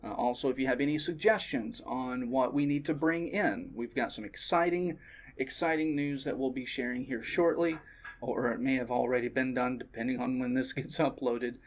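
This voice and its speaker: A man's voice: mid-range voice, normal speed. A man on a vape shop's staff giving a casual product review, easygoing and sprinkled with ums and uhs.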